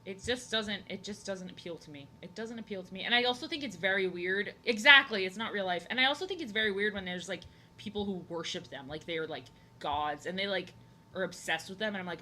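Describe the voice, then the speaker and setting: A young woman with a bright, sharp voice chats casually while drawing on a live stream. She rambles, doubles back on her words and fills her talk with "like" and "you know". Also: mid-range voice, animated, fast, a little hiss or hum. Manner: rambling, repeats phrases, many fillers. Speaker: art streamer.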